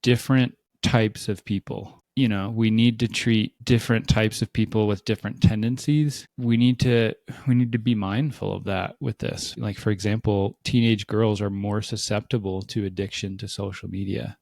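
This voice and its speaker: Gravelly low-voiced man co-hosting a podcast. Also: steady tone, moderate pace, few pauses, a little mellow, no echo, studio quality. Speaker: podcast co-host. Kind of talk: casual podcast discussion.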